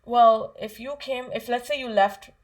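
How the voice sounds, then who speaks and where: A woman's voice: a little high, a little slow. Lady teaching kids, chatty, asks lots of questions, says like and you know a lot. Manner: asks kids questions, conversational, many fillers. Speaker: Islamic studies teacher for children. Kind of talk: children's lesson.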